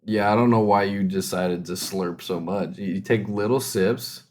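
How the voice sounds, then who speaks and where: Deep-voiced teasing man chatting. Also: fairly even intonation, a little slow. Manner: teasing, swears casually, laughs often. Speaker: podcast co-host. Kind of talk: casual chat.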